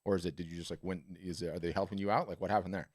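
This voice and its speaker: A man's voice: low-pitched, steady tone, rapid-fire, dry recording. A man hosting a webinar, coaching a caller emphatically and ending points with "right?". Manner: emphatic, salesy, repeated "right?" tags. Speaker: webinar host and art business coach. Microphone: video call.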